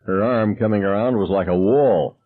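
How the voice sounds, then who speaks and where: A man reading a novel aloud as narrator, calm and measured, dropping low on dialogue tags. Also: narrow, tinny audio. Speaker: audiobook narrator. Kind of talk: scripted narration.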